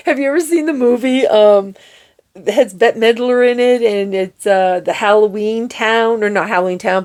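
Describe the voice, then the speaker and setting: A woman with a mid-range, slightly mellow voice does a casual oracle card reading, chatty and giddy and laughing often. She reads the card texts aloud, going slowly and carefully over unfamiliar words.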